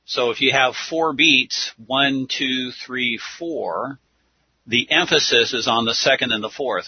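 A man's voice: medium pitch, slow, husky. A man giving a religious teaching talk, explaining step by step and counting things out, on a dull lo-fi recording. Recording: dull lo-fi sound.

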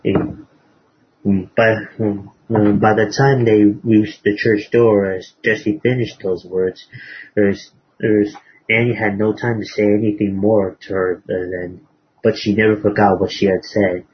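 A man preaching, retelling a moral story in a halting way with many fillers and restarts. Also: on the low side, little pitch movement, a little hiss or hum. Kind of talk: sermon storytelling. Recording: dull lo-fi recording.

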